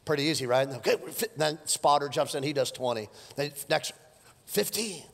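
A middle-aged male pastor preaching live, his slightly high voice ringing through a hall with a long reverb. He is animated and teases the congregation as he goes. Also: moderate pace, vocal fry. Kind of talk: sermon. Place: church sanctuary.

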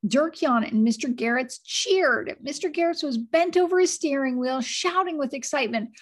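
A woman's voice: high voice, lively intonation, moderate pace. A middle-aged woman reading a chapter book aloud to children, stopping now and then to chat with them and explain things. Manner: chatty, breaks off to explain and show pictures. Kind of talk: read-aloud storytelling with asides to listeners.

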